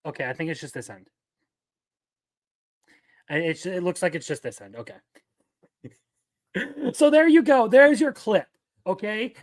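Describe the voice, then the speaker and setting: A man hosting a casual livestream, chatting with viewers and swearing loudly between laughs. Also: high-pitched, unhurried, long pauses. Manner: profane, loud outbursts and laughter. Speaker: livestream host.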